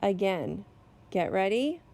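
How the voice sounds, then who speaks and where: A woman teacher giving a slow, deliberate phonics lesson to young children, stretching out each sound. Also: mid-range voice, very animated, creaky, dark tone. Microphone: recorded voice-over for a whiteboard lesson video.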